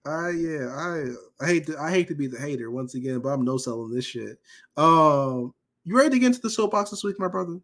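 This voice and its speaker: A man co-hosting a podcast in casual chat, ranting in an animated, profane and emphatic way. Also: on the high side, a little fast. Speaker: podcast co-host.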